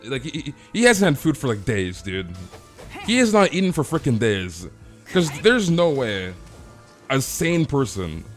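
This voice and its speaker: A man chatting casually on a live game stream, ranting animatedly and peppering his talk with "freaking" and "dude". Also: mid-range voice.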